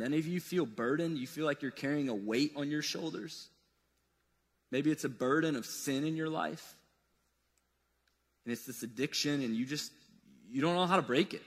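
High-voiced casual preacher in a reverberant hall. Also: male voice, moderate pace, long pauses, breathy edge. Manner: casual, conversational preaching with wide swings in pitch and loudness. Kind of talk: sermon. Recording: long reverb of a large hall.

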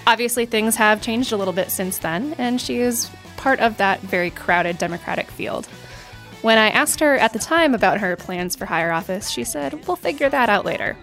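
A woman host introducing an archived interview with measured, clear delivery. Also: mid-range voice, animated, a bit bright, faint music behind. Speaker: podcast host and event moderator. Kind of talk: scripted podcast intro.

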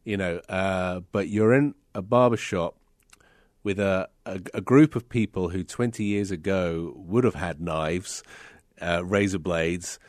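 A man's voice: low-pitched, measured pace, no room sound, studio quality. A man hosting an interview, responding often with short affirmations and stammering as he works through what he has heard. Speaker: host. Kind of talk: interview conversation.

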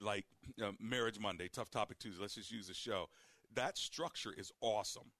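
A man's voice: lowish voice, moderate pace, fairly bright tone, no room sound. A man hosting a call-in radio show, a preacher who talks to listeners directly and repeats key points.

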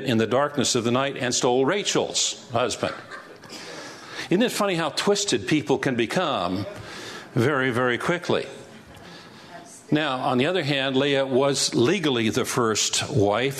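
A man's voice: medium pitch, fairly bright tone. A man pastor teaching a Bible passage verse by verse in a conversational way, asking rhetorical questions.

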